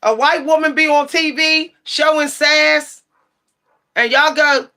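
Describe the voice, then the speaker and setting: A woman hosting her own livestream channel, ranting sassily and bluntly at her chat, swearing freely and breaking into shouts. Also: sits high, steady tone, slow pace. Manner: sassy, blunt, profane, shouts at times. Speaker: livestream tarot channel host. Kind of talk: heated livestream rant answering chat.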